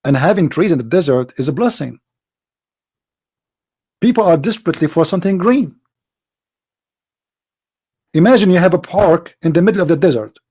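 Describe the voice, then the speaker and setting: A man's voice: a little high, dark tone. A man hosting a live debate stream, arguing emphatically with rhetorical questions and non-native grammar. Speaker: live debate show host.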